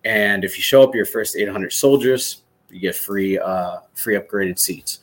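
Brief: man, 30s, from Michigan, ex-soldier guest, lower voice, animated profane storyteller. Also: measured pace. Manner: animated, swearing, excited storyteller. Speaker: podcast guest, former soldier. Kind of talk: casual storytelling interview.

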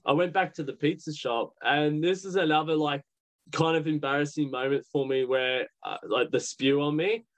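A man's voice: fairly high pitch, steady tone, moderate pace. A young Australian man, a podcast guest, telling his story candidly in a rambling way, full of "like". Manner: candid, rambling with many "like" fillers. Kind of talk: casual storytelling.

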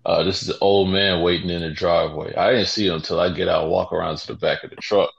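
Deep husky laid-back man, lo-fi. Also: fairly even intonation, quick pace. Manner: laid-back slangy storyteller. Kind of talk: casual storytelling. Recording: dull lo-fi recording.

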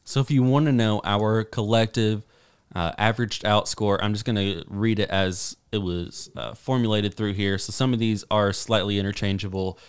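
Low smooth-voiced podcast host, man. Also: steady tone, normal speed, dry recording. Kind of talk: casual podcast chat and reading a list.

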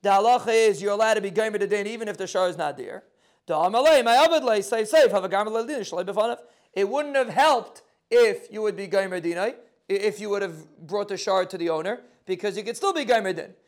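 A man teaching a Talmud lesson, reading the Aramaic text and explaining it in quick with phrasing. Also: high-pitched. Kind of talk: daf yomi Talmud lesson.

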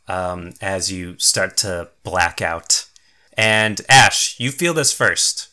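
A man narrating as game master of a tabletop game, relaxed and chuckling. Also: low voice, slow pace, clear, resonant tone, soft background music.

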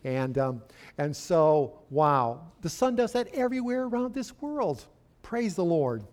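An older male pastor preaches in a church with a relaxed, folksy manner. His voice sits a bit higher than most men's. He often turns to the congregation with chatty asides. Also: measured pace. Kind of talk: sermon.

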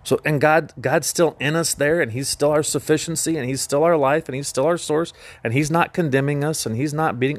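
A man's voice: a little high, a little fast, few pauses, dry recording. A man hosting a Christian teaching podcast, talking in an earnest, emphatic preaching manner. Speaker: podcast host.

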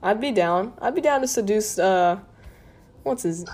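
A woman's voice: mid-range voice, animated, measured pace, darkish tone. A young woman hosting a casual chat with a friend, giggly and rambling, often restarting her sentences. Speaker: podcast host.

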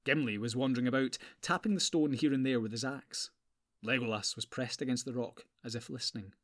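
A man narrating an audiobook in a measured, deliberate way, sometimes dropping to a hush. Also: mid-range voice.

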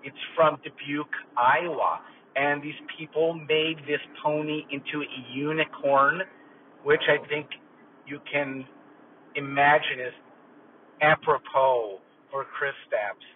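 A man voicing a pompous male celebrity, speaking in a slow, grandiose way. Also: a little high, steady tone. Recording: tinny phone-like clip with faint noise.

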